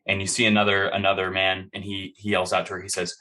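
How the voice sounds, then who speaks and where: Forceful rambling man narrating a game. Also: deep voice, monotone, fast talker. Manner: vivid, profane, rambling narration with many fillers. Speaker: game master.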